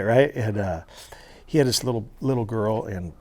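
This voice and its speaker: A man being interviewed, telling animated stories with casual swearing and laughter. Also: on the low side, moderate pace. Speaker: interview guest. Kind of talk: storytelling interview. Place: federal halfway house.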